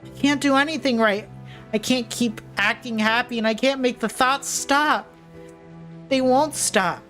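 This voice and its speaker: A woman's voice: on the high side, a little slow, fairly bright tone, faint music behind. A woman reading aloud, voicing a despairing, exhausted teenage girl who breaks into anger. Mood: bitter. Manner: raw, pleading, breaking into anger.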